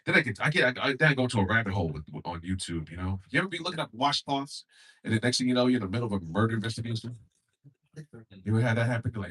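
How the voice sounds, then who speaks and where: Young man, stand-up comedian, husky, lively pitch, profane, jumps into character voices. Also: very fast, recorded from a distance. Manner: loose, profane, acts out characters in shifting voices. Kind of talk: stand-up set.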